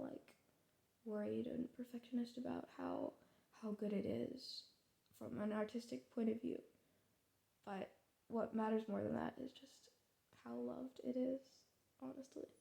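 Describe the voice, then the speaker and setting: A young American woman talks to the camera in a loose, thinking-out-loud way, trailing off and restarting often. Her slightly high voice is thick with creaky vocal fry. It sounds like a casual artist's vlog. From United States. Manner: rambling, thinking aloud with many fillers and restarts. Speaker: artist and vlogger. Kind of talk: casual reflective monologue.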